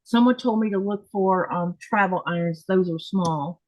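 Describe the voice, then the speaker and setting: A woman chatting casually at her home sewing desk as a show host. She rambles along, restarting her sentences and laughing easily. Her voice sits at a middle pitch, and the sound is dry and close. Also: normal speed, no room sound, low-quality recording. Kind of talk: casual chat while sewing.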